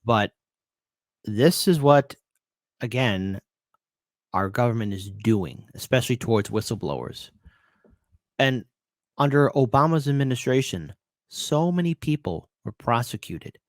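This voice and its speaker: A man's voice: medium pitch, unhurried, pauses often, no room sound. Sarcastic male livestream host, dry sound. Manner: animated, sarcastic, addresses viewers directly. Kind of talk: livestream reaction commentary.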